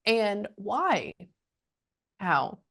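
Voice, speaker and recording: A woman's voice: medium pitch, big pitch swings, a bit bright. A woman spiritual medium talks a client through a reading in a loose, chatty way. She stops herself mid-sentence, starts again and drops the odd curse. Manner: chatty, halting, trailing off and cursing. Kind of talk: casual reading session.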